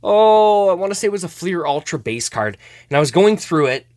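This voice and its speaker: A man hosting a hockey card show, casually rambling as he opens cards, hedging with many trailing remarks and breaking into excited laughs. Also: high-pitched, a little fast, no echo, clean studio sound. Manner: hesitant, rambling, many trailing 'I don't know's; laughs easily, bursts into excited outbursts. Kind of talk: casual card-opening commentary.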